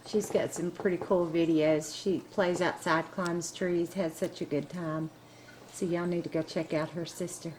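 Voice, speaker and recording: A woman's voice: fairly low pitch, little pitch movement, unhurried, darkish tone, slight background noise, rough recording. A woman chatting cheerfully at home as she films a home vlog with her pet monkey. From Texas. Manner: cheerful, chatty, laughs often. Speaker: vlogger, pet monkey owner. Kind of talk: casual home vlog chat.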